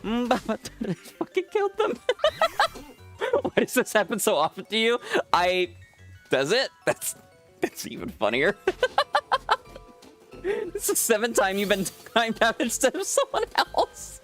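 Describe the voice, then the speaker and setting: A man's voice: high voice, wildly swooping pitch, unhurried, long pauses, fairly bright tone, soft background music. A man streaming a game and chatting with viewers, teasing them, swearing freely and laughing often. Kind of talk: casual live-stream chat with viewers.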